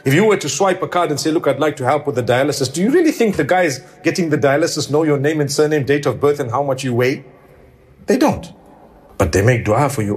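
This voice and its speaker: A man's voice: a little high, lively intonation, a little fast. Earnest man preaching a sermon. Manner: conversational, rhetorical questions. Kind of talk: sermon to a live congregation.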